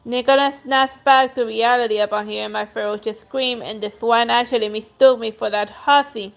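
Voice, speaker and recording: A woman reads a story game's narration on a livestream, breaking in with dry, casual asides. Her voice is fairly high, with faint music underneath. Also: steady tone, normal speed, gravelly, few pauses. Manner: dry asides between reading. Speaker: streamer. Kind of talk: reading a story game aloud on a livestream.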